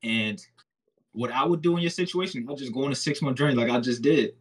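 A young man from Haiti talking casually as a guest, calm and reassuring. His voice is husky and sits at an ordinary pitch. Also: fast, low-quality recording. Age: 20s. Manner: easygoing, reassuring. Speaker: guest, hair oil maker. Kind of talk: casual chat.

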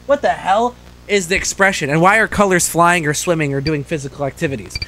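A young man streaming a game, joking and cursing, reacting with sudden loud outbursts. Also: fairly high pitch, brisk, a little hiss or hum. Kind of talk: gameplay commentary.

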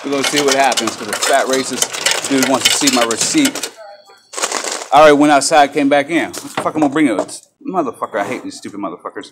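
A man filming himself on a phone in a large store, heated and profane in an angry confrontation. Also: mid-range voice. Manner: heated, profane, fast-talking. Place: large retail store indoors. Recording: loud store noise behind. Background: store ambience.

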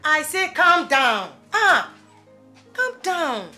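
Coaxing Nigerian mother, lively high voice, faint music underneath. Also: drawn-out words, exaggerated voice. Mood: soothing. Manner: soothing, coaxing, insistent. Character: calm older mother comforting her grown daughter. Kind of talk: gospel film acting.

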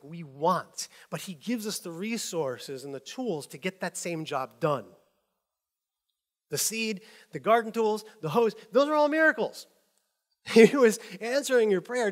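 A male pastor delivers a sermon with a high, bright voice that swings widely in pitch. He preaches conversationally, chuckling now and then and slipping into the voices of the people he quotes. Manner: animated storytelling, acting out quoted people, chuckling often.

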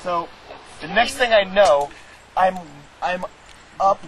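A man telling a rambling story to friends in casual chat, halting and restarting often, recorded outdoors with a crowd behind him. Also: high voice, animated, poor audio.

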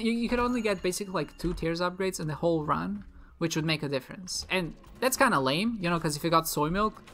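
A woman's voice: lowish voice, slight background noise. A woman giving casual, rambling let's-play commentary while she plays, chatty and self-deprecating, often giggling and restarting her sentences. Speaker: gaming video creator. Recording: faint music behind.

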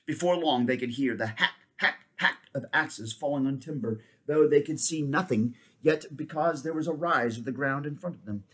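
A man reading a children's novel aloud, steady but with frequent restarts and slips. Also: medium pitch, normal speed, hardly any pauses, breathy edge. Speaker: reader.

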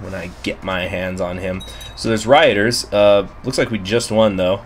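A man's voice: fairly low pitch, steady tone, moderate pace, heavy background noise. A man hosting a strategy game let's play, casually thinking aloud as he plays and chats. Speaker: gaming channel host.

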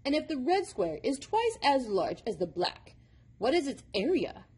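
A woman's voice: sits high, very animated, moderate pace, darkish tone, breathy edge, pitched above the performer's own voice, full character voice. A woman voicing an impish, impatient male number devil who lectures like a know-it-all, in a storybook reading. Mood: lecturing.

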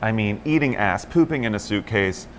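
A man's voice: on the low side, normal speed. Man, morning show co-host, chatty storyteller, plays out quotes, faint background hum. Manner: animated storyteller, acts out quotes in other voices. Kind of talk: casual chat.

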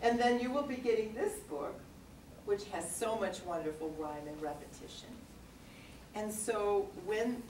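A woman presenting a read-aloud workshop in a lively way, breaking into little songs as she teaches. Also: medium pitch. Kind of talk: teaching with sung story examples. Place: workshop room. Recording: echoey room, mic far off, noisy.

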